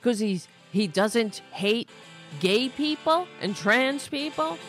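A woman's voice: on the high side, animated, slow, soft background music. Profane, exasperated woman podcast host. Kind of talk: ranting political commentary. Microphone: studio microphone.

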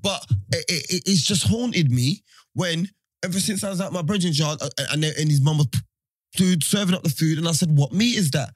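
A man, co-hosting a casual podcast and telling animated stories in slang. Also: on the high side, fairly quick, breathy edge, no room sound. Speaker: podcast co-host. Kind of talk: casual banter.

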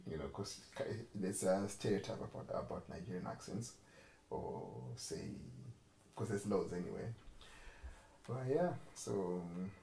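A man's voice: sits low, sing-song, measured pace, creaky, dark tone, a little hiss or hum. A man co-hosting a podcast in casual chat, rambling and correcting himself, laughing often. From Africa. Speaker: podcast co-host. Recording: roomy echo with faint ambience.

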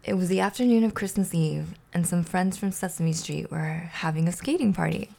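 Low, gravelly-voiced woman podcaster. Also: normal speed. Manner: laughs often, chatty, relaxed. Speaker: podcast host. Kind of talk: casual chat and storybook reading.

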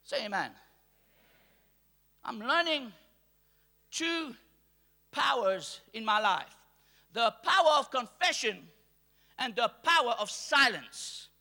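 A man from Mauritius preaching a sermon to a congregation, calling for responses and rising to shouts. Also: very high voice, animated, takes it slowly, long pauses. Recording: long hall reverb.

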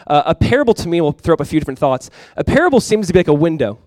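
A young adult man preaching a sermon as pastor, casual and chatty with many fillers, praying softly and slowly at times. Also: fairly high pitch, very animated, no echo. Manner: soft, slow prayer.

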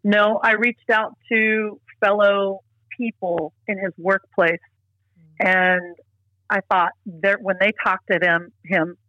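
A woman's voice: mid-range voice, fairly even intonation, slow, dry recording, lo-fi sound. A middle-aged woman speaking as an interview guest. She talks earnestly and emphatically, often restarting her sentences. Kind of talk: casual interview talk.

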